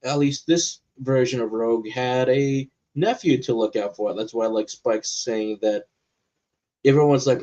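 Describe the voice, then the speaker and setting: A man's voice: medium pitch, moderate pace, highs cut off. A man co-hosting a watch party stream, chatting casually about cartoon episodes and acting out his own reactions. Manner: animated, acts out his own reactions in quotes.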